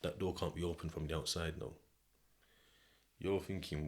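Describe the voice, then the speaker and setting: A man's voice: deep voice, fairly even intonation, moderate pace. A British man hosting a podcast, telling a story in the second person in a casual, slang-heavy way. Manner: slang-heavy, conversational, repeats "do you know what I mean". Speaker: podcast host.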